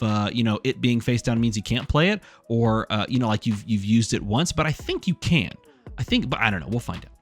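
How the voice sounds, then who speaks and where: A young man hosting a card game channel, talking in an excitable, rambling way with lots of fillers. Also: mid-range voice. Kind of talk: casual excited chat.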